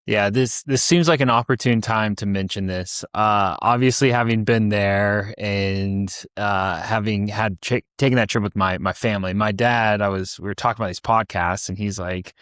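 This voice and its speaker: A man's voice: lowish voice, fairly even intonation, normal speed, few pauses, a bit bright, dry recording, clean studio sound. A young American man co-hosting a podcast, telling a personal travel story in a rambling way with many restarts. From United States. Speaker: podcast co-host.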